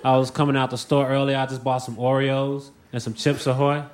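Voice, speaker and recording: A man's voice: mid-range voice, flat delivery, a little fast, darkish tone. A man performing a stand-up comedy set, telling casual stories with dry punchlines. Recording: noisy live club recording.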